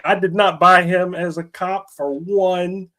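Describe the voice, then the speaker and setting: Guy ranting hard about a movie, slow and pushy, a bit high for a man. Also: level tone, bright, forceful tone. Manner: blunt, emphatic ranting. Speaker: podcast film reviewer. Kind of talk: casual movie review chat.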